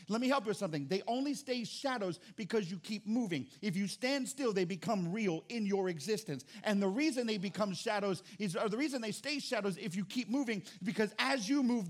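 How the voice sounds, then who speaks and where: A middle-aged pastor preaches a sermon in a voice that sits high, his dynamic delivery swinging from quiet to loud.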